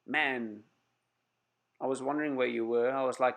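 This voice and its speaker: A man with a cold runs a casual livestream, his voice rough and gravelly. He chats loosely with viewers, reads out their greetings and apologizes often. Mid-pitched, recorded through his camera's mic. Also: steady tone, normal speed, fairly bright tone. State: has a cold. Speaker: channel host on a livestream.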